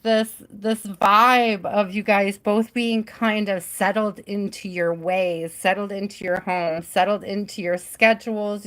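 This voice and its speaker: A woman's voice: mid-range voice, fairly bright tone. A woman hosting a live tarot reading stream, chatty and giggly, often trailing off mid-thought.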